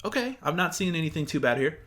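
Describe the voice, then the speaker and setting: A man's voice: on the high side, very animated, fast talker, fairly bright tone. A young man from Michigan giving reaction commentary on text messages in an incredulous, exclaiming manner. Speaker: YouTuber.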